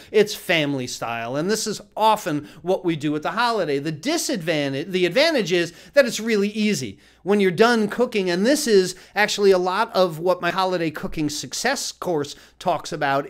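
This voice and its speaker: Man, chef, casual cooking lesson, high voice, chatty, laughs a lot. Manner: lively, chatty, with laughs and restarts.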